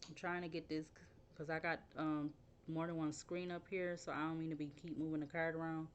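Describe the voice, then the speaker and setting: A young woman gives a tarot reading in a low, unhurried, level voice, keeping things loose and conversational. Thinking aloud, she wanders into side stories and spells words out letter by letter. There's a faint hiss or hum on the recording.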